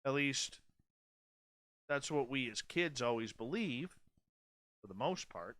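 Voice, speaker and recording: A man's voice: mid-range voice, expressive, slow pace, a bit bright, no echo. A man in his forties hosting a radio show, speaking bluntly and candidly in a casual late-night monologue. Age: 40s. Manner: blunt, candid and profane, with many restarts.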